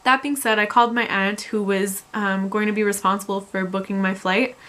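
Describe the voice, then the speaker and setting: A young woman telling a storytime vlog in an exasperated, animated way. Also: medium pitch, fairly quick. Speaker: vlogger.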